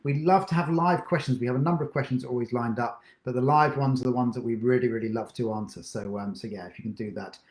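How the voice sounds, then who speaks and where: A man co-hosting a live question-and-answer session as a dance teacher, talking in a relaxed, rambling way and poking fun at himself. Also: mid-range voice, fast, hardly any pauses, echoey room. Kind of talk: casual live-stream chat.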